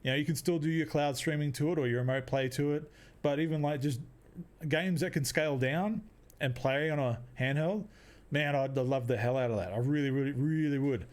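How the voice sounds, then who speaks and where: A man's voice: fairly high pitch, brisk. A young man hosting a casual solo podcast, rambling, laughing often and restarting his sentences. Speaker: podcast host.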